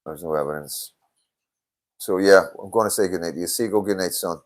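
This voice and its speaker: A man's voice: low voice, fairly quick. An older man hosting a casual live stream, reading out viewer comments, swearing often and sounding tired. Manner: swears a lot, tired and yawning. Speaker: livestream host.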